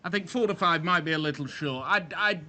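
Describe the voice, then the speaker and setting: A man giving measured, dry racing opinions outdoors. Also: fairly high pitch, bright, forceful tone. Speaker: pundit. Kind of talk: racing preview chat. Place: outdoors at a racecourse.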